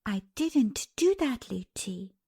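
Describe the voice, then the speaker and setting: A woman voicing a young princess girl who speaks quietly and with dignity. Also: fairly high pitch, lively intonation, slow pace, gravelly, husky, heavily acted. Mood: quietly firm.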